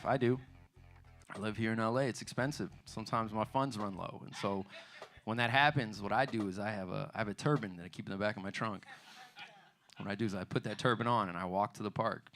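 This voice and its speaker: A man's voice: on the low side, a bit bright. A man performing a stand-up comedy set in a loose, conversational way, often asking "you know what I mean". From United States. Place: theater bar stage.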